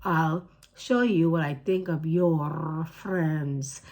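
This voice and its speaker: A cruel cat now living in a girl's body, drawing out each word in a slow, purring menace, as a woman reads her. The voice sits a little low and unhurried. It is the kind of smug storybook villain who toys with her prey. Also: a little mellow. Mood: mocking.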